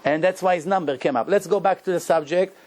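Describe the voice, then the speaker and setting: Middle-aged rabbi, high voice, animated lecture-style storytelling, non-native phrasing. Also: male voice, quick pace. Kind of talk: Torah lecture.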